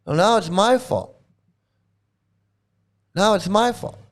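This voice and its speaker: A man's voice: high-pitched, slow. A man hosting a livestream, ranting indignantly and mockingly with lots of repetition. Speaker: livestream host. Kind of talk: casual livestream commentary.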